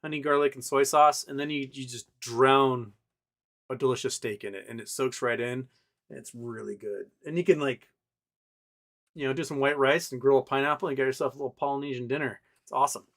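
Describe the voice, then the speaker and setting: A man's voice: medium pitch, steady tone, brisk. A man hosting a casual livestream, rambling with lots of fillers and restarts as he reads out viewer chat. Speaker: livestream host.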